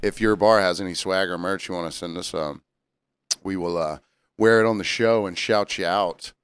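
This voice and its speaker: A man's voice: sits low, moderate pace, clean tone. A man co-hosting a casual podcast, telling a story and laughing often. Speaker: podcast co-host. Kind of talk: casual chat.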